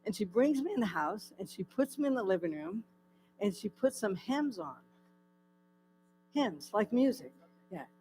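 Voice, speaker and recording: A woman giving a personal recovery testimony at a church, telling her story in a lively way, acting out the dialogue and often laughing. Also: medium pitch, moderate pace, pauses often, a little hiss or hum, rough recording. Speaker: guest speaker at a church. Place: church hall.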